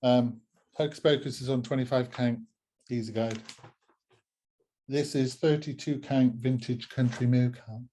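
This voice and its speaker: A man's voice: mid-range voice, steady tone, measured pace, pauses often, mellow, slight background noise. A man with a Southwest English accent co-hosting a casual chat, dry and understated as he shows his stitching. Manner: dry, understated, tired after a workday. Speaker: co-host.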